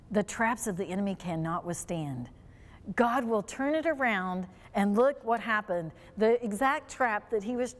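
Woman pastor, high voice, emphatic storytelling sermon, long hall reverb. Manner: storytelling preacher, emphatic, speaks directly to listeners. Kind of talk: sermon retelling a Bible story.

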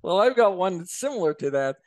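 A man's voice: sits high, very animated, a little fast, no room sound, clean studio sound. A man as a podcast guest, chatting casually about history and politics and telling jokes in an easygoing way.

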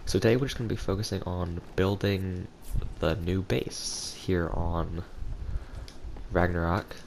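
A man's voice: sits low, fairly even intonation, measured pace, gravelly, a little mellow, a little hiss or hum. A young man with a cold and a stuffy nose, casually commentating a video game as he plays and thinks aloud. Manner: rambling, thinking aloud while playing. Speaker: gaming channel host.

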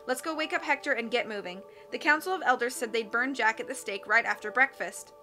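Practical older girl, read by a woman, brisk, higher pitch. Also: pushed and bright, soft background music. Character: practical inventive girl, eldest sister.

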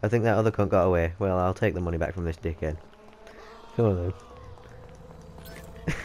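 A man's voice: low voice, normal speed, long pauses, a little mellow, a little hiss or hum. A man, swearing and joking constantly while commentating on his gameplay. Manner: sweary, joking, laughs often. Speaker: gaming channel host.

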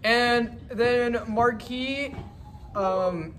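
Teen boy, high-pitched, earnest and unhurried, noisy phone recording. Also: a bit bright. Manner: earnest, halting, with restarts. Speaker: choir member. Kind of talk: casual testimonial to camera.

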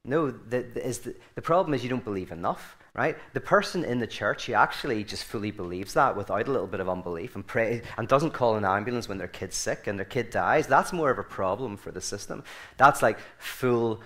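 A man's voice: fairly low pitch, animated, fairly quick, a bit bright. An Irish man giving an informal talk to a group, rambling and often restarting his sentences, with a joking, storytelling manner. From Ireland. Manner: rambling, self-correcting, joking. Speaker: guest speaker.

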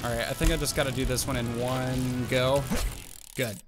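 A man giving casual, excitable running commentary while playing a game, often yelping and exclaiming. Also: mid-range voice, normal speed, over music. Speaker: gaming YouTuber.

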